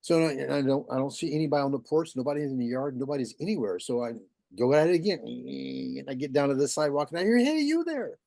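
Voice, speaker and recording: Man telling a story, lively, acts out the voices; mellow tone, dry sound. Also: medium pitch, fast talker, creaky, dry recording. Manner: animated, acts out quoted voices. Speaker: guest. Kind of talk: casual storytelling.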